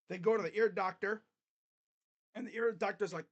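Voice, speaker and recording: High-voiced grumbling male sports streamer. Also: moderate pace, long pauses. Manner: grumbling, sarcastic, swears casually. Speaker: sports livestream host. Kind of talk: casual livestream chat. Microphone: desk microphone.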